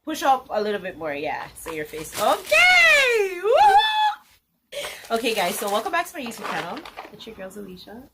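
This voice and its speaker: A young woman hosting a casual challenge vlog at home with family, excitable and quick to shriek and laugh. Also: medium pitch. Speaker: vlogger host. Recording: noisy home video.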